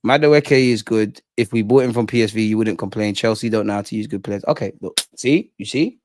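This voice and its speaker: A man's voice: fairly low pitch, a little fast, background noise. A young man, ranting and swearing in exasperation as a football fan channel host. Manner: animated, profane, exasperated ranting.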